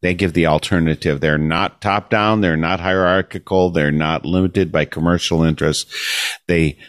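A man with a very deep voice hosting a community radio show, talking earnestly and enthusiastically and wandering a little as he goes. The sound is dry and close, from a studio mic. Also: steady tone, normal speed, dry recording. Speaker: radio host.

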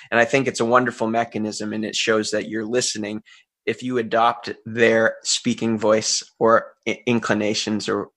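A man's voice: lowish voice, fairly bright tone. A middle-aged man from Central Massachusetts, a folk singer talking earnestly and openly in an interview, thinking aloud and laughing easily. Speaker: folk singer and musician guest. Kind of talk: relaxed reflective interview talk.

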